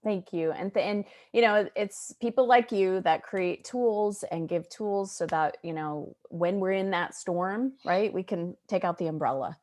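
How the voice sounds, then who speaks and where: A woman hosting a podcast in casual, bubbly conversation, gushing and animated. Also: medium pitch, a little slow, hardly any pauses. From Arizona, United States. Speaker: podcast host.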